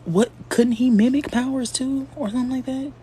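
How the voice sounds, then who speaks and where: This livestream host speaks in a very high but dark-toned voice, a bit fast and with fairly even intonation. He keeps things casual and chatty, reading viewer comments out loud and responding. A little hiss or hum runs underneath.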